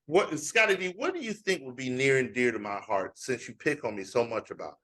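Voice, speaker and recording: Animated man ranting on a podcast. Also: mid-range voice, a little fast. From Fayetteville, North Carolina. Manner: animated, laughing rants with slang. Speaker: podcast co-host. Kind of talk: casual sports banter.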